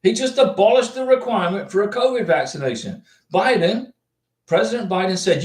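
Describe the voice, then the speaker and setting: A fairly high-voiced man chatting casually on a livestream, answering viewers in a rambling, repetitive way. He sits back from the microphone in a roomy office, so his voice carries a noticeable echo. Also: lively intonation, a little fast, distant mic. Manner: chatty, rambling, repeats himself often. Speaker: livestream host answering visa questions. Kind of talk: casual livestream chat reading viewer comments. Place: home office with a cat.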